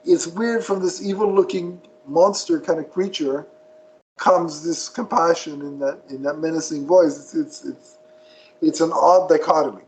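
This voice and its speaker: A man co-hosting a podcast, retelling a cartoon in casual chat with a rambling, animated manner. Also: on the high side, normal speed, poor audio. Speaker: podcast co-host.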